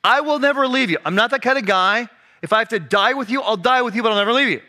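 A man voicing a panicky male disciple who loudly protests and swears he does not know his friend, as part of a sermon retelling. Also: very high-pitched, quick pace, heavily acted. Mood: earnest vow.

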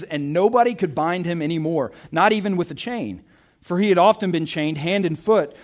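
A male pastor delivers a conversational sermon in a slightly high voice. He reads scripture and retells it with lively asides and stammered restarts.

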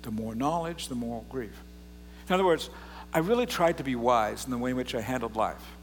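A pastor preaching a casual, joking sermon and reading scripture aloud with drama. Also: male voice, mid-range voice, lively intonation, brisk, long reverb tail, soft background music. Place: church sanctuary.

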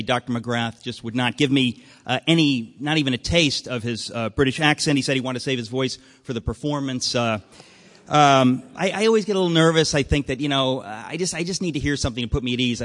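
A man hosting a live event, introducing the speaker with deadpan jokes and a rambling manner full of fillers. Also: mid-range voice, long reverb tail. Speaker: event host. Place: event hall with an audience.

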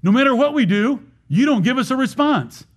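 A man's voice: very high voice, animated, a little fast. A man preaching a sermon as pastor, emphatic, repeating lines and asking rhetorical questions.

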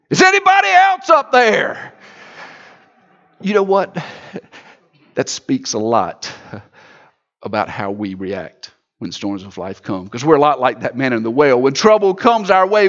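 Pastor delivering a sermon: high-pitched man, rhythmic and repetitive, dull church recording. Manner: rhythmic, repetitive preaching with rising emphasis.

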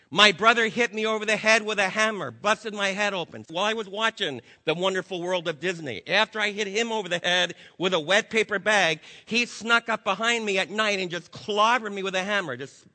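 A man's voice: high-pitched, bright, forceful tone, long reverb tail. A man preaching a sermon to a congregation, emphatic, with rhetorical questions and repetition. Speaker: pastor.

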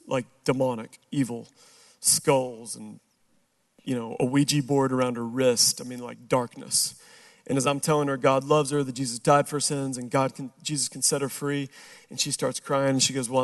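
A middle-aged pastor with a mid-range voice tells a personal story within his sermon, acting out the dialogue. For the serious moments he turns quiet and slow.

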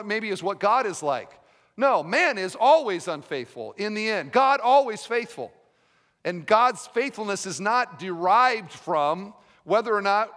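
A man preaching a sermon as pastor, emphatic, with rhetorical questions and sudden drops to a quiet voice. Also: high-pitched, big-room sound.

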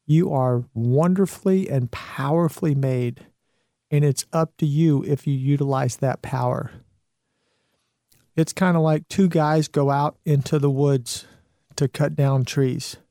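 A man's voice: fairly high pitch, mellow, no room sound, studio quality. A man hosting a show, giving an earnest motivational talk with some restarts and fillers. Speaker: show host.

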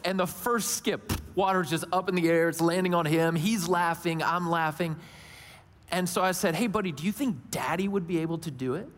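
A man in his thirties giving a conversational sermon, telling a personal story with animated quotes. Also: high-pitched, long reverb tail. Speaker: pastor.

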